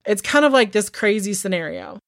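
Dry, animated woman recapping casually. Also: medium pitch, brisk, no echo. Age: 30s. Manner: swears freely, animated recapping. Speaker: podcast co-host. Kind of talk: casual chat.

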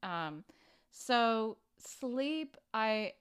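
Slow, earnest woman podcast host. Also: fairly high pitch, animated, clean tone. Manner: earnest and unhurried, with many fillers and pauses. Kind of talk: personal recovery podcast talk.

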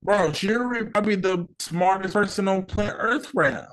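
A man's voice: high voice, normal speed, fairly bright tone. A man hosting his own podcast, talking casually with lots of slang and swearing, giving heated opinions. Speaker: podcast host. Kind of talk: casual solo podcast rant.

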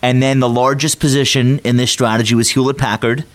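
Animated storytelling man, podcast guest. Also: mid-range voice. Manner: animated storyteller, quick bursts. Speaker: podcast guest, financial advisor. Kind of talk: casual podcast conversation.

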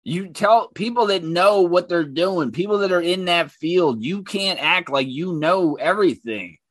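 A man's voice: high-pitched, unhurried, a bit bright, no echo. A man hosting his own podcast and ranting about online comments, heated, profane and mocking. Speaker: podcast host.

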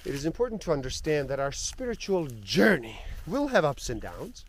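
A man narrating spiritual stories and reflections in an earnest, sometimes softly dropping voice. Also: fairly high pitch, big pitch swings, normal speed. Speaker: storyteller and spiritual speaker.

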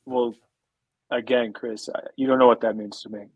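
A man appearing as a podcast guest, speaking softly and sounding moved. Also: mid-range voice, flat delivery, moderate pace, slightly rough, no echo, dull audio. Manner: moved, soft-spoken. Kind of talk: casual podcast chat.

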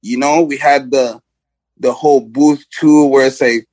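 A man's voice: mid-range voice, steady tone, a little slow, a little mellow, dry recording. Rambling young man, dry close sound. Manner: rambling, lots of "like" and "you know", laughs easily. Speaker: guest rapper. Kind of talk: casual interview chat.

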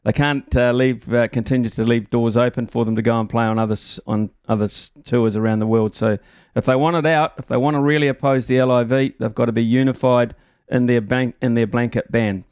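A man hosting a talkback radio show, chatting with callers in a relaxed way with many fillers. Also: medium pitch, a little fast, clear, resonant tone, no echo.

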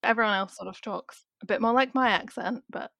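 A woman's voice: fairly high pitch, brisk, creaky, fairly bright tone, no room sound. A woman with a South Australian accent joins a casual podcast as a guest. She sounds friendly and giggly, and her voice is dry and close to the mic. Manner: friendly and giggly, laughs often. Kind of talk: casual film podcast chat.

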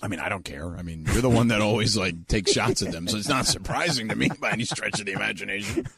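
A man's voice: lowish voice, quick pace, vocal fry, fairly bright tone, breathy edge, no room sound, studio quality. A man co-hosting a casual chat show, talking loosely and rambling with lots of fillers. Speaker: co-host.

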